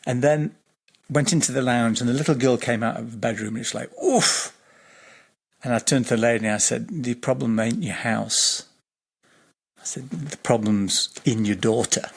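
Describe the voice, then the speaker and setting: This interview guest, a middle-aged geobiologist and healer, spins out a lengthy anecdote, hesitating, wandering, and restarting often with plenty of fillers. He speaks at normal speed in a steady, medium-pitched tone that is creaky with a breathy edge.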